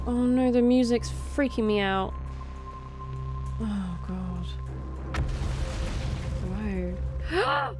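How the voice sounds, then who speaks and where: A woman's voice: on the high side, sing-song, slow, pauses often. A woman playing through a video game, reacting with jumpy exclamations, sudden swearing and talk about being scared. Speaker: let's play host. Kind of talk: gameplay commentary. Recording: game music loud behind voice. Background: game music and sound effects.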